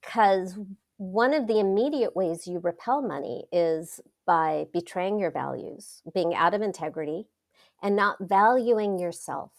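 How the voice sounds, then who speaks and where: Dramatic, expressive woman coach. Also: lowish voice, creaky. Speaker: wealth coach, podcast guest. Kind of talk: casual interview chat.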